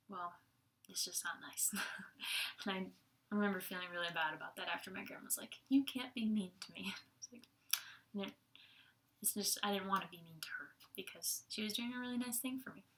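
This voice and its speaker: A woman's voice: mid-range voice, bright, forceful tone. A young woman giving a casual Sunday devotional talk, chatty, laughing often and using many fillers. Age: young adult.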